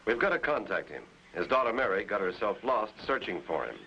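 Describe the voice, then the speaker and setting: An actor playing a steady adventurer hero who gives calm, decisive commands, on a noisy old cartoon soundtrack. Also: male voice, on the low side, a little fast, slightly rough, highs cut off, heavily acted. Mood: resolute. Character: Clutch Cargo, steady square-jawed adventurer hero.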